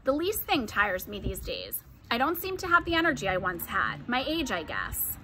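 A woman voicing a wise, gentle female spider who speaks politely and in a measured way. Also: on the high side, huge pitch swings, a little hiss or hum, exaggerated voice, rough recording. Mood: weary. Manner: polite, measured, later weary.

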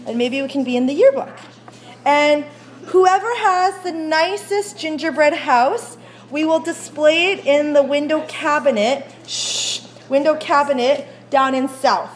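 High-voiced chatty woman teacher. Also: a little slow. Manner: chatty, checks understanding often. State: out of breath while rolling dough. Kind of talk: classroom baking demonstration. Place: school classroom kitchen.

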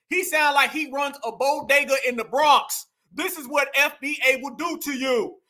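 A man hosting a reaction commentary show, loud and mocking, often repeating catchphrases and addressing his viewers as "y'all.". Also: very high voice.

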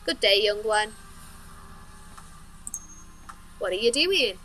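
A woman's voice: mid-range voice, animated, normal speed, bright, forceful tone, a little hiss or hum, rough recording. A woman voicing a very old, playful creature in a horror game who speaks in rhymes. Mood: mysterious. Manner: sing-song rhyming speech.

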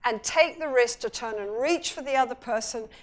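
A woman's voice: a little high, normal speed. A middle-aged woman, a couples therapist, giving a public talk and bringing her points to life by acting out bits of dialogue. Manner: animated storytelling, acting out dialogue. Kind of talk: public lecture.

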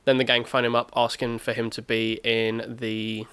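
A man co-hosting a podcast, retelling a TV episode in casual chat with rambling filler pauses. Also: mid-range voice, little pitch movement, a bit bright, clean tone, no room sound. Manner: rambling recap with filler pauses and brief character voices. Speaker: podcast co-host.

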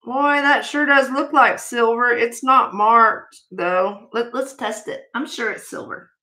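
A woman vlogger sorting through a jewelry haul in an excitable, gushing way, chatting to her viewers. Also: on the high side, a little slow. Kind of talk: casual unboxing chat.

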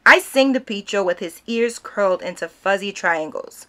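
A woman reading a children's picture book aloud, narrating in an expressive storytelling manner. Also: mid-range voice, normal speed.

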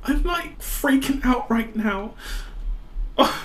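A woman's voice: high-pitched, lively intonation, takes it slowly, slight background noise. A woman voicing an anxious, overworked schoolgirl in an amateur animation, talking in a fretful, frantic way. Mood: stressed.

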